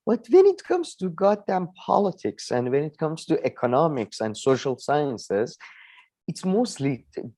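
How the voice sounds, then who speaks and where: A man's voice: a little high, very animated, a little slow, warm tone. Rambling, heated male co-host. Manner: heated, rambling with many fillers and swearing. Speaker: podcast co-host. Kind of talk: casual political debate chat.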